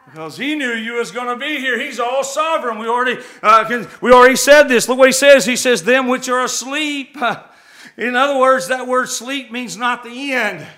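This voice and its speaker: A middle-aged man preaches in a church with fervent, swelling emphasis and homey asides. His voice sits very high and rings bright and forceful. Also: normal speed. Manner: fervent, rising to shouts, folksy asides. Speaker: visiting preacher. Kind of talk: sermon. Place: church sanctuary.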